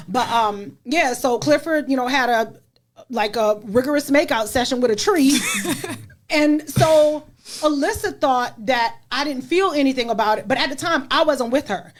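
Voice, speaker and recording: A woman's voice: sits high, moderate pace. A middle-aged woman hosting a podcast, talking frankly and candidly about being a mother, laughing often and leaning on fillers like "you know.". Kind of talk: candid casual chat.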